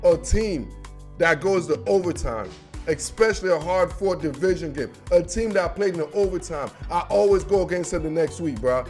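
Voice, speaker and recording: A man's voice: a little high, animated, normal speed, darkish tone, soft background music. A man hosting his own sports predictions show, talking casually and slangily with lots of bro and man. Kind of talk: casual monologue.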